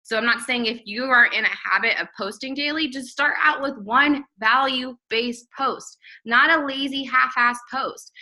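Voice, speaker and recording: A woman's voice: high voice, normal speed, few pauses, bright, forceful tone, rough recording. A young woman giving a blunt, emphatic live training talk to her viewers, repeating phrases for emphasis. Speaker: network marketing trainer.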